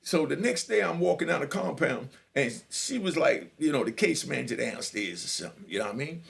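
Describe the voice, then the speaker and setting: Middle-aged man, gravelly and lively storyteller, swaggering, laughs a lot. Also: fairly high pitch, a little fast. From New York. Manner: animated, swaggering, laughs often, fills with "you know what I mean". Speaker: storyteller sharing prison stories. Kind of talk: casual storytelling.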